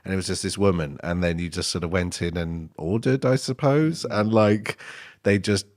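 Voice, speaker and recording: Deep-voiced British man rambling casually. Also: normal speed, darkish tone. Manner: rambling, full of fillers like "just" and "you know". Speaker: podcast co-host. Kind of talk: casual chat.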